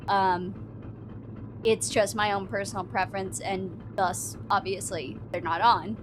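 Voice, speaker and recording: A woman's voice: medium pitch, fairly even intonation, a little slow, noisy background. A woman streamer giving casual gameplay commentary, enthusiastic and chatty, stumbling over her words. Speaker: video game streamer. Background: game music.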